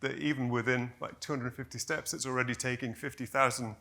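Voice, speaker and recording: Male conference presenter, gravelly and bright, measured and explanatory, corrects himself on the fly. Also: mid-range voice, fairly even intonation. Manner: measured, explanatory, with frequent "you know" and self-corrections. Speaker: conference speaker.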